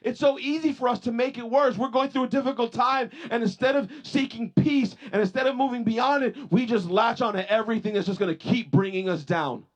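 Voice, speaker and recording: A male pastor preaches a sermon briskly, with hardly any pauses, telling personal stories full of repeated restarts. His pitch and force rise on points of emphasis.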